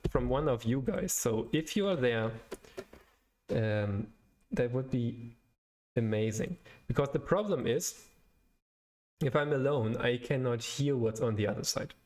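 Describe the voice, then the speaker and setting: A young adult man live-coding on a stream, talking his way through the code in a hesitant, self-correcting way, pausing to search for words. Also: medium pitch, lively intonation, darkish tone. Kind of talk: thinking aloud while programming on a livestream.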